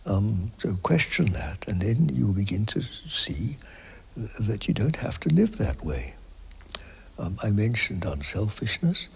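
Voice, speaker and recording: An older man giving an unhurried spiritual interview, speaking softly and often dropping to a near whisper, reflective and halting with many pauses and fillers. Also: fairly low pitch, big pitch swings, creaky, husky. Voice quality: soft, partly whispered, halting.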